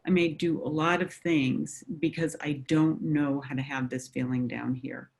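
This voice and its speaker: A woman counselor talking through coping ideas in a conversation. She explains in a measured way, with frequent fillers. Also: low-pitched, steady tone, darkish tone. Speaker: mental health counselor.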